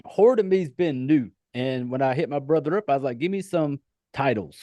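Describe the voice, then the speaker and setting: A man's voice: mid-range voice, animated, a little fast, mellow, no room sound, highs cut off. A man with a Southern US accent hosting a podcast interview, chatty, laughing often and swearing freely. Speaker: podcast host. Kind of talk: casual interview chat.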